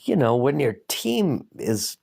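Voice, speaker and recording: A man's voice: mid-range voice, big pitch swings, slow, vocal fry, darkish tone, husky. A man hosting a podcast alone, ranting casually in a profane, self-mocking way. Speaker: podcast host. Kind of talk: casual rambling monologue.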